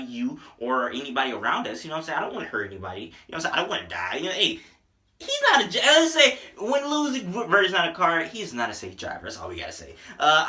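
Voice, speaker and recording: A young man casually reviewing an album, animated and profane, joking and rapping lines along. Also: a little high. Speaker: music reviewer. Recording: echoey room.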